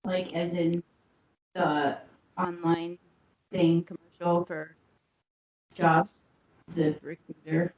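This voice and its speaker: A woman's voice: on the low side, little pitch movement, slow pace, long pauses, darkish tone, lo-fi sound. A woman co-hosting a casual podcast chat, teasing in a dry way and laughing often. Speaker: podcast co-host.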